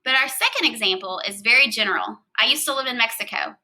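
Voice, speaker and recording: A woman's voice: fairly high pitch, animated, quick pace, sharp tone, rough recording. A woman teaching a recorded Spanish grammar lesson, explaining patiently and spelling out letters.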